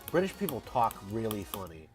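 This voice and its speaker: Congested from a head cold, a man chats casually on a game live stream over music, rambling and repeating words as he restarts sentences. His lowish voice is sing-song and fairly quick.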